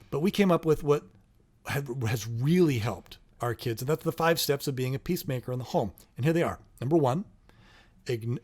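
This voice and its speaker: A man's voice: fairly high pitch, darkish tone. A middle-aged man co-hosting a casual parenting talk, explaining steps one by one and acting out sample phrases. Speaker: co-host, parent.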